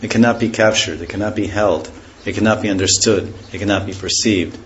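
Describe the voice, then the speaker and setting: A man with a fairly low voice teaches a scripture class at an unhurried, reflective pace. He stops often to explain words, and his phrases fade softly at the ends. A faint background hiss sits under his voice. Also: steady tone, lo-fi sound. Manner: pauses to explain words and terms. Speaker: spiritual teacher.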